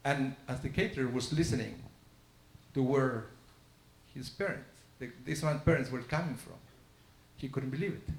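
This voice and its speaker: In an echoey synagogue sanctuary, a man preaches a storytelling sermon at a moderate pace with long pauses, acting out the dialogue by shifting his pitch.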